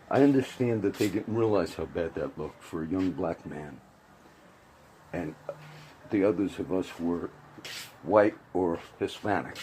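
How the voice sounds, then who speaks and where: A man's voice: on the low side, dark tone, slight background noise, rough recording. A man giving a casual, rambling spoken commentary with frequent restarts and asides. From grew up around Puerto Rican and Cuban friends.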